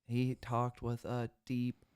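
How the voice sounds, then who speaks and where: Fast-talking Michigan man in a dry studio. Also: mid-range voice, completely flat delivery, darkish tone, clear, resonant tone, dry recording. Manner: fast-talking, laughs often, slips into quoted voices. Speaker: podcast co-host. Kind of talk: casual chat.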